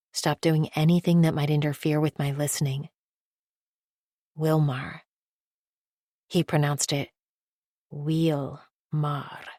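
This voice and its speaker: A woman narrating a thriller audiobook in the first person with a steady, measured reading. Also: sits low, no echo, studio quality.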